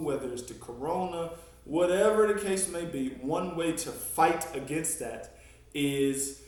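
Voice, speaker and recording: An encouraging elementary PE teacher leads a workout, counting down the intervals and winded from the exercise. His voice sits slightly high and he talks slowly. He is heard from a distance in a strongly echoing room. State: out of breath. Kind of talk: coaching a home workout video class. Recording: echoey room, mic at a distance.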